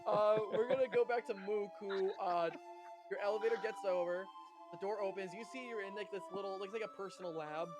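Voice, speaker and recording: A man's voice: sits high, fairly quick, music in the background. A man narrating as game master of a tabletop game, rambling with many fillers and laughs. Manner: rambling, giggly, filler-heavy.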